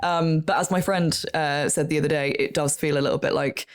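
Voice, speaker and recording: A woman, chatting as a guest on a podcast, enthusiastic and quick to laugh, with many fillers. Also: low voice, fairly even intonation. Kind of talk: casual chat.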